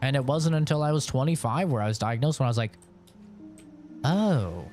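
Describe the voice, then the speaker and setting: A man's voice: mid-range voice, rapid-fire, darkish tone, soft background music. A young man streaming games and chatting casually, rambling frankly, swearing freely, and laughing often. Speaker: gaming streamer. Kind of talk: casual live-stream chat.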